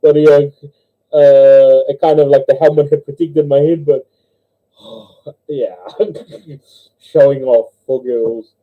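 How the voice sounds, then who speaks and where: Young NZ-accented man, stream host, a bit high-pitched, laughs at his own jokes; dull home-mic audio. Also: steady tone, slow, pauses often. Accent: New Zealand. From New Zealand. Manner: giggly, laughs through his own jokes, squeaky voices for characters. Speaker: livestream host. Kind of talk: casual livestream chat and joke telling.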